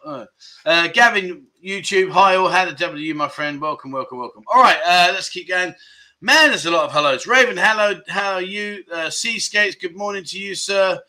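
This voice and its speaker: A man's voice: sits high, normal speed, bright, forceful tone. A man hosting a casual livestream, cheerfully greeting viewers one by one and chuckling often. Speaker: livestream host. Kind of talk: casual livestream chat reading comments.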